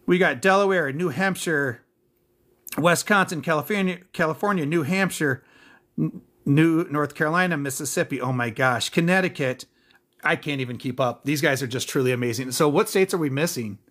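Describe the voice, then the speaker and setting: A man's voice: a little high, moderate pace, fairly bright tone. A man hosting a casual livestream, reading out viewer names and comments in an upbeat, thankful way. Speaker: livestream host.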